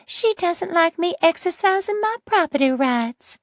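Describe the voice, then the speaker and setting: A woman reading an audiobook, voicing a sugary-sweet but spiteful old woman in a high, honeyed voice that turns harsh. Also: lively intonation, unhurried, no room sound, studio quality, full character voice. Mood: syrupy sweet. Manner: syrupy sweet turning harsh and hissing.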